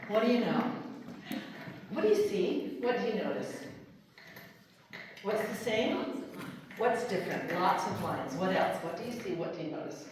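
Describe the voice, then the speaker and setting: A woman's voice: medium pitch, sing-song, normal speed, pauses often, background noise. A woman presenting a singing time workshop, coaching a group of adults through a song with clapping moves, counting down and singing along. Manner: upbeat, coaxing, counts down and sings along. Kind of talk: leading a live group song and movement workshop. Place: large hall with a group of adults. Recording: echoey hall, distant mic, crowd.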